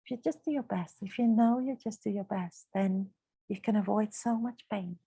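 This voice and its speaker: A woman's voice: mid-range voice, normal speed, warm tone, husky, no room sound. A woman hosting a podcast, talking in an earnest, reflective and motivational way. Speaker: podcast host. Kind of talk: casual conversational podcast talk.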